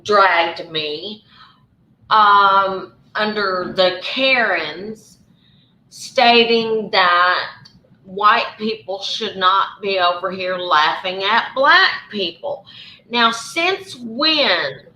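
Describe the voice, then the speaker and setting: A woman with a Southern US accent hosting a live stream, talking with callers in a slow, careful, hesitant way. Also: mid-range voice, pushed and bright. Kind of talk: casual live chat with callers. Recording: echoey room.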